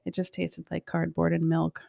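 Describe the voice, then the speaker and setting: Animated, foul-mouthed woman telling a story. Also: low-pitched, moderate pace, vocal fry, no echo, clean studio sound. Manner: animated storytelling, swears freely, acts out quotes. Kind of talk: casual chat.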